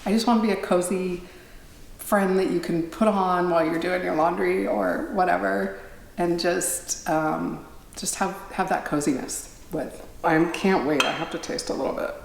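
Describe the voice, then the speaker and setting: A woman's voice: lowish voice, fairly even intonation, moderate pace, creaky, a little hiss or hum. Chatty middle-aged woman vlogging, roomy echo. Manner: chatty, rambling, self-deprecating. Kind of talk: casual chat vlog. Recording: roomy echo, faint ambience.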